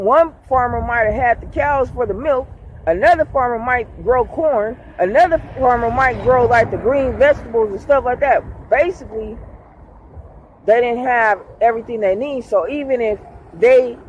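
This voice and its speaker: A man's voice: very high-pitched, dull audio, a little hiss or hum. A man leading a casual Bible lesson, reading a passage aloud and then explaining it in everyday words, checking in with his listeners as he goes. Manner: conversational, checks in with "okay?". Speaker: Bible study teacher.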